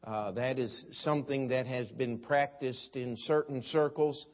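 A man's voice: medium pitch, fairly even intonation, measured pace. A middle-aged man preaching a sermon as pastor, telling folksy stories and mimicking other preachers. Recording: dull lo-fi sermon recording.

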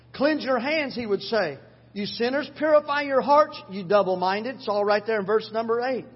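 An older male pastor preaches with a husky, fairly high voice, pressing his points through repetition and moving between loud urging and near-hushed passages. The sound is dull and carries a long reverb, as if picked up in a church sanctuary. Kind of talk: sermon.

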